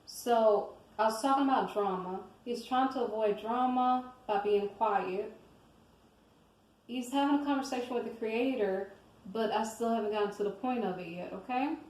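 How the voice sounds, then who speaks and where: Woman, fairly high voice, casual scripture commentary, rambling, conversational, echoey room. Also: moderate pace, darkish tone. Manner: conversational, rambling, checks in with listeners.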